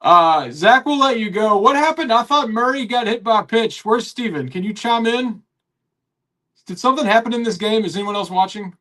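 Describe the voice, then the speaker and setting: A man's voice: high-pitched, lively intonation, normal speed, sharp tone. A man hosting a casual sports radio chat, rambling with fillers and restarts.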